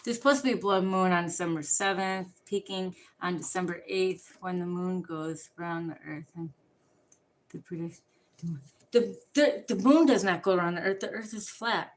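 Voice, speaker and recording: A woman's voice: on the low side, normal speed. Rambling, profane woman reading tarot. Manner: rambling, profane, jumps between topics. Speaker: tarot card reader. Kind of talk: rambling casual livestream chat.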